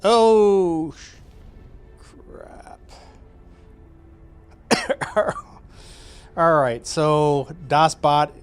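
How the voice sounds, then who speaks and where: A man's voice: a little high, animated, very slow, long pauses, clean tone, faint music behind. A man playing his own strategy game and giving casual commentary as he thinks aloud, wry and chatty with frequent hesitations and short laughs.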